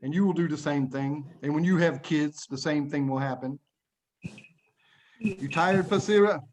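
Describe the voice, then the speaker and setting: Man, english teacher, video call, patient plain explanations, light laughs, fairly high voice. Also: fairly even intonation, brisk, darkish tone, slight background noise. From United States. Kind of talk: online English lesson for children.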